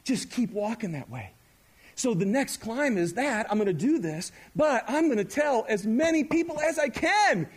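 A middle-aged male pastor preaching an animated, conversational sermon and asking the audience questions. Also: very high-pitched, moderate pace, slightly rough.

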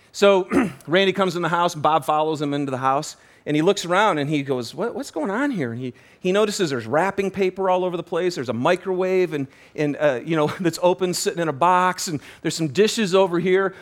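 Animated storytelling male pastor, higher voice. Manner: animated, restarts and repeats words, laughs while telling. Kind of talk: sermon with storytelling.

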